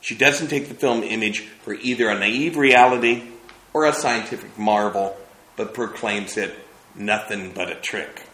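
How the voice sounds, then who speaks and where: A man's voice: lowish voice, normal speed, a bit bright, roomy sound, low-quality recording. A man giving an academic lecture about slides, thoughtful and hesitant, with many fillers.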